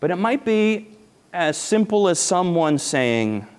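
A man's voice: high-pitched, big pitch swings, takes it slowly, clear, resonant tone. Earnest male pastor preaching in reverb. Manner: earnest, emphatic preaching with repetitions and dramatic drops to near-whisper. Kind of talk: sermon. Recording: hall reverb.

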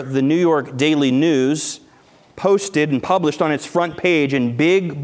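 A fairly high-voiced male pastor delivering an earnest sermon. He preaches emphatically, repeating his phrases and sinking almost to a whisper for weight. The room carries a long reverb tail. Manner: earnest, emphatic preaching with repetitions and dramatic drops to near-whisper. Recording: hall reverb.

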